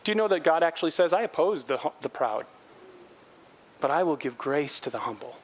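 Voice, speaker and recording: A middle-aged man preaching a sermon as pastor, animated, acting out quotes in a raised voice and dropping low and quiet on earnest points. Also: a little fast.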